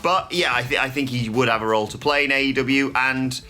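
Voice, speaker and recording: A man's voice: medium pitch, fairly even intonation, fairly quick, bright, forceful tone. A man, hosting a casual wrestling news chat, opinionated and chatty with the odd mild swear.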